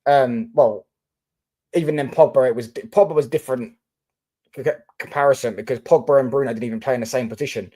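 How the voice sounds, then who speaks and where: Speaking fast in a medium-pitched, dark-toned voice, a young man streams live about football. His talk is casual, packed with fillers and restarts as he responds to viewers' comments.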